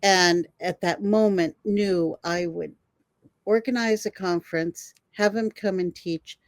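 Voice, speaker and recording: An older woman, a guest herbalist, telling animated stories in an interview and laughing often. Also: lowish voice, takes it slowly, no echo. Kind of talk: storytelling in an interview.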